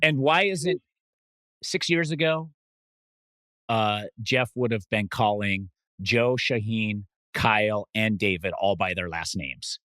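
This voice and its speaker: A man's voice: on the low side, slow pace, pushed and bright, no echo. A man co-hosting a podcast, chatting casually with dry, sarcastic asides. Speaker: podcast co-host. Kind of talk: casual recap chat.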